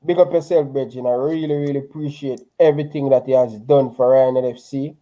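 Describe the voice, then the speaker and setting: A laid-back man hosting a casual livestream, handing out shout-outs to his viewers. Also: medium pitch, fairly even intonation, brisk, lo-fi sound. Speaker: channel host.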